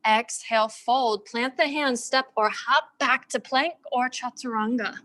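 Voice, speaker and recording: A young adult woman teaching a yoga class over a video call, giving calm, steady breath and movement cues. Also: fairly high pitch, unhurried, rough recording. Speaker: yoga instructor. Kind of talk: live-cued yoga class.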